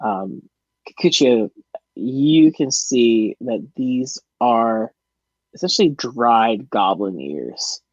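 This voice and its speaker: A young man narrates a tabletop game at a slow, halting pace, often pausing on fillers. His voice sounds dull and lo-fi, as if from a basic home mic, and the sound is dry. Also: medium pitch, animated, no echo. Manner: hesitant narration with many fillers. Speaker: dungeon master. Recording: dull lo-fi audio.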